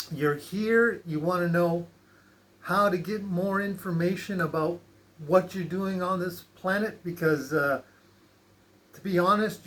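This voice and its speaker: A man with a slightly raised pitch talks in a loose, unhurried way. He rambles through his points, stopping to restart phrases and filling gaps with small hesitations. The tone is a casual spiritual chat. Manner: relaxed, rambling, many fillers and restarts. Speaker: channel host.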